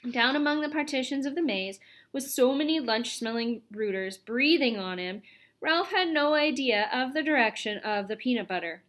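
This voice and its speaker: A woman reading a children's chapter book aloud in an expressive, lively storytelling manner. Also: high-pitched, normal speed. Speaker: audiobook reader.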